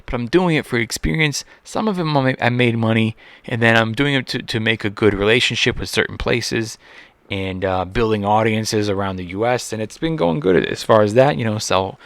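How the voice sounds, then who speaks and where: A man's voice: lowish voice, moderate pace, gravelly, a bit bright, dry recording. A man hosting a solo comedy podcast, ranting in an exasperated, profane way with lots of restarts and filler words.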